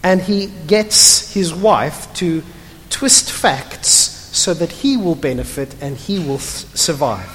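A pastor preaches with a lively delivery that swoops up and down, chatty, blunt and emphatic, often tossing rhetorical questions at the room. His mid-range voice moves slowly and carries through a large church hall with a long, lingering reverb and a little hiss or hum.

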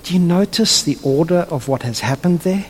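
A man preaching a sermon to a congregation. He is animated and drops his voice low when he retells a story. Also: moderate pace, in a large hall, a little hiss or hum. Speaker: pastor.

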